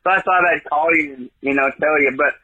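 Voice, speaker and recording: Man from Oregon, high-pitched voicemail caller, rambling and teasing. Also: fairly quick, sharp tone, breathy edge, highs cut off. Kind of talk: joking voicemail.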